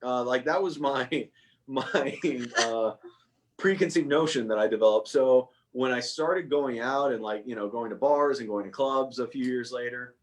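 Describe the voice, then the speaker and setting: A young man talks casually as a guest on a video call, his pitch sitting in an ordinary middle range. He tells a story at an easy pace, laughing at himself as he goes. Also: normal speed, a little hiss or hum.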